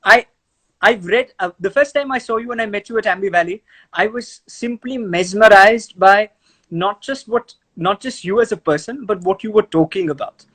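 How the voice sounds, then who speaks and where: A man's voice: high voice, normal speed, fairly bright tone, husky. A man with an Indian accent hosting a chat show over a video call, effusive and given to repeating his words as he talks. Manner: effusive, repeats words and restarts often, laughs easily. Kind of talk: casual video-call interview.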